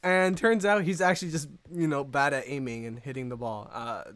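A man giving casual, rambling commentary over his own gameplay, excitable and quick to mock his own mistakes. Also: mid-range voice, no echo. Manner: excitable, self-mocking, rambling. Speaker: gaming YouTuber.

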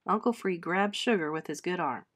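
Expressive woman reading a storybook aloud. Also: moderate pace. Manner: expressive, voices characters with pitch lifts and soft drops. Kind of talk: storybook read-aloud narration.

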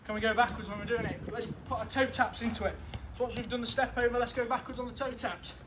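Breathless, upbeat high-voiced coach. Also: male voice, steady tone, fast, background noise. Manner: upbeat, encouraging, counts down drills. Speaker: football coach. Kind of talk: home football drill session. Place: garden, outdoors.

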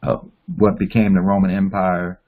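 A man reading Bible verses aloud and pausing to explain them in his own words. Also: sits low, flat delivery. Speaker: Bible teacher. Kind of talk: scripture reading with commentary. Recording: tinny phone-like sound.

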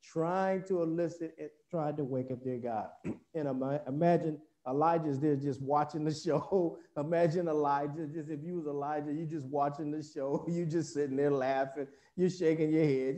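Mellow-voiced male preacher. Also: on the high side, fairly even intonation, moderate pace. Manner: conversational, folksy asides, restarts while explaining. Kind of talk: sermon with scripture reading.

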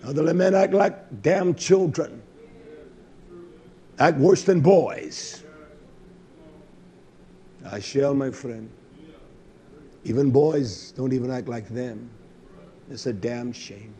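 A man preaching a fiery sermon, swinging between low muttering asides and shouted, high-pitched exhortations, cursing bluntly. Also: slow, long pauses.

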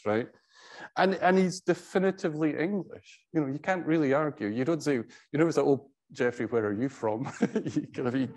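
A middle-aged man, a professor, giving an anecdotal tribute speech in a conversational, halting way, with wry storytelling and frequent restarts. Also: on the high side, darkish tone.

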